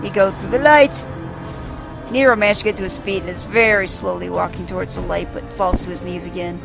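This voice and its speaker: A woman's voice: lowish voice, fairly even intonation, fairly quick, gravelly, over music. A woman casually narrating a video game playthrough, describing the screen aloud and swearing now and then. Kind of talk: casual let's-play narration for blind listeners.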